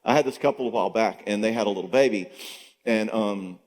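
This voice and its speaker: In a lowish voice and a brisk delivery, a middle-aged man gives a casual teaching talk at a marriage conference, animatedly voicing the exchanges between spouses. The setting is a church hall, and the reverb is long.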